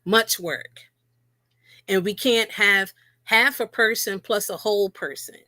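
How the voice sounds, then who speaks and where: A woman's voice: medium pitch, takes it slowly, sharp tone, no room sound. A woman co-hosting a live talk about relationships, speaking earnestly and repeating key phrases for emphasis. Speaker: co-host.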